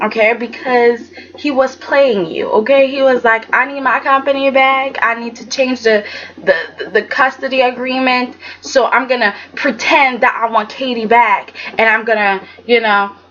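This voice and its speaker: A woman's voice: fairly high pitch, fairly bright tone, highs cut off. A woman giving a casual, emphatic recap of a soap opera episode, often checking in with "okay?" and restarting her sentences.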